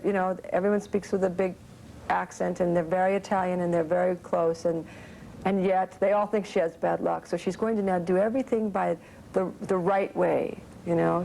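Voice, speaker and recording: A woman's voice: on the low side, gravelly, mellow, slight background noise, low-quality recording. A woman actress giving a casual interview, rambling and chatty with many fillers.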